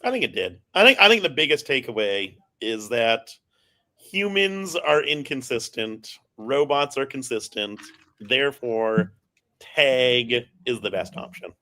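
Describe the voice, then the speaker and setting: A man chats slowly on a livestream, his voice bright and swinging up and down. He sounds relaxed and joking. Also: medium pitch. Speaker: co-host of a card-collecting livestream. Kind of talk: casual livestream chat.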